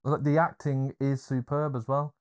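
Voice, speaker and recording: Chatty man, mid-pitched. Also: normal speed, clean tone. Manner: animated storyteller, hesitant with fillers. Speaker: podcast co-host. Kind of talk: casual film review chat.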